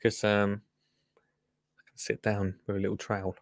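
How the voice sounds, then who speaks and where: A man's voice: fairly low pitch, monotone, moderate pace, a little hiss or hum. A man hosting a podcast, casually commenting on a TV show with teasing, joking asides. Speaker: podcast host.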